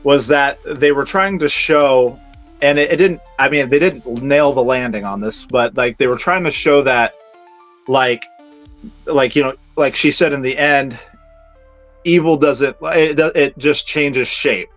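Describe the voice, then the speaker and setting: Podcast guy, mid pitch, kinda hesitant and rambly, dull lo-fi sound with faint music. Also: measured pace, fairly bright tone. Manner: hesitant, rambling with many fillers and restarts. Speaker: podcast co-host. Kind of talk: casual movie review chat.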